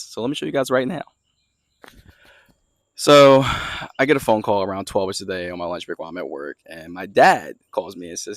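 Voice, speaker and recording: A young man with a fairly low voice rambles through a casual story, heavy on fillers, in an easygoing vlog manner. He films himself outdoors in his yard and walks around while he talks. The recording is dry and close, with almost no room sound. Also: a bit bright, dry recording. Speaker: car vlogger.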